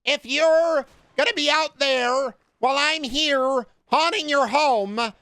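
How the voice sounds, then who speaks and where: A slow, drawling ghost who haunts a house and politely nags the people living in it, as a man does his impression. The voice is pitched well above a man's normal speech and has a strange, unusual tone. The sound is dry and close to the mic. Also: sharp tone, no echo, full character voice. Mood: eerie. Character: impression of a famous film director as a house ghost.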